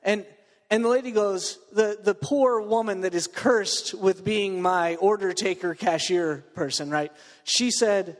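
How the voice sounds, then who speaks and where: A man's voice: high voice, a little slow, big-room sound. A man preaching a sermon to his church, telling a story with lots of fillers and asides. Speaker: pastor.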